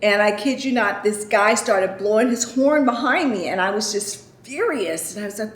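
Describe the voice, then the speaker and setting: A woman's voice: mid-range voice, lively intonation, moderate pace, few pauses, roomy sound. A woman vlogger answering viewer questions in casual chat, chatty and emphatic, often checking in with "okay?". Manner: chatty, emphatic, repeats "I kid you not" and "okay?".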